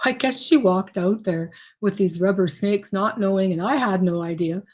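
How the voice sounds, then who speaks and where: A woman's voice: mid-range voice, moderate pace. A woman co-hosting a casual chat show, telling animal stories and laughing through them. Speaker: co-host.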